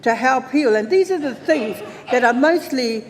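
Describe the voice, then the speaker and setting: A man in his seventies with a New Zealand accent, speaking at a conference as a lively storyteller who mixes in Māori words. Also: extremely high pitch, moderate pace, some chatter behind. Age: 70s. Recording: long hall reverb.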